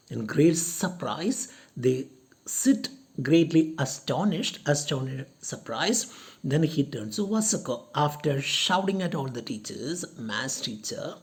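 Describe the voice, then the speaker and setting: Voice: mid-range voice, a little mellow. A lecturer explaining a play to students, going over each point again and again with strings of synonyms. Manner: slow, repeats points with lists of synonyms.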